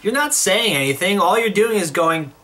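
A man's voice: high-pitched, lively intonation, normal speed, sharp tone. A young man narrating a scripted comedic video review, sarcastic, with exaggerated outbursts.

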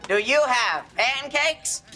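A woman's voice: sits high, lively intonation, slow pace, sharp tone, a little hiss or hum, full character voice. An actress playing a girl who pretends to be a robot in a sitcom. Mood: robotic. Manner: mock-robotic. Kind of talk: sitcom acting.

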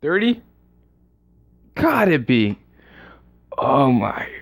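A man's voice: medium pitch, a little slow. A man giving let's-play commentary while gaming, groaning in mock exasperation. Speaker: gamer. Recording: lo-fi muffled recording.

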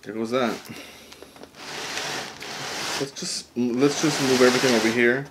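A man hosting a mukbang, chatting excitedly to viewers while eating. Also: medium pitch, measured pace, background noise. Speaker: mukbang host. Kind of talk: casual eating vlog.

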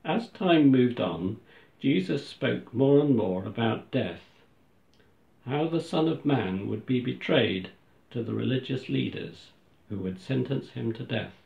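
A man reading a scripted first-person reflection at a church service, slow and solemn. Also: mid-range voice, expressive, gravelly. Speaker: church reader. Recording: echoey, dull lo-fi room recording.

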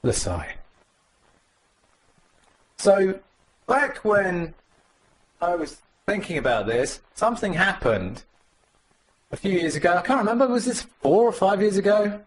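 A man giving a live conference tech talk with a demo, animated and joking, talking to the audience. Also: sits high, measured pace, long pauses. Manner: animated, jokey, mimics others in voices. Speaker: conference speaker. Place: conference room.

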